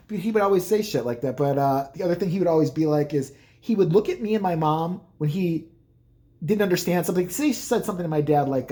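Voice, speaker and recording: Casting: man in his thirties, fairly high voice, swoopy delivery, cursing storyteller. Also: big pitch swings, fast, warm tone. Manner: rambling, profane, jokey. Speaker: vlogger. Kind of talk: casual storytelling monologue.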